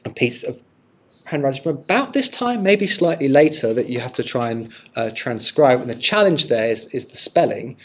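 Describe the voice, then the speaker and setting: In a room with a live audience, an archive presenter speaks at normal speed in a medium-pitched voice with lively intonation. His illustrated history talk, which includes audience questions, comes across as friendly, with him thinking aloud and restarting phrases, all in dull lo-fi sound.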